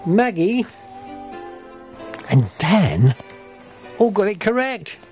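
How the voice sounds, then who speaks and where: A man's voice: high-pitched, sing-song, extremely slow, a little mellow, soft background music. A male radio host presenting a quiz and telling a story in a chatty manner.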